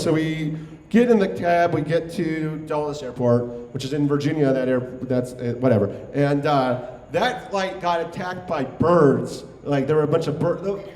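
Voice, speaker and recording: A man's voice: on the high side, moderate pace, darkish tone. A young man from New York telling a wry, conversational story on stage, swearing freely. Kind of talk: live comedic storytelling. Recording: echoey hall recording.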